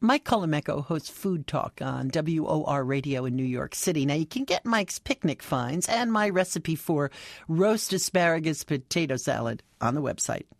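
Brief: radio host, animated pitch, dry studio sound. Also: moderate pace, vocal fry, no room sound. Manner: encouraging listener, brief replies. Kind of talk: interview chat.

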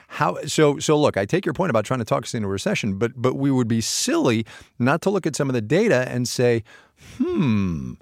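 A man's voice: mid-range voice, very animated, fast, creaky, dry recording, clean studio sound. A middle-aged man co-hosting a podcast, patiently explaining economics in casual chat and answering his own questions.

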